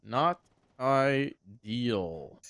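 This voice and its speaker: A man's voice: mid-range voice, lively intonation, very slow. A man co-hosting a stream who teases the others playfully. His voice sits mid-range, with faint background hiss. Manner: teasing, playful. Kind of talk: casual chat on a watch-party stream.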